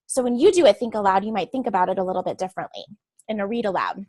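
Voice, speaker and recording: A woman's voice: mid-range voice, expressive, rapid-fire, darkish tone, no echo. A woman teacher giving an earnest, explanatory lecture to adult learners before a read-aloud. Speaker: teacher educator.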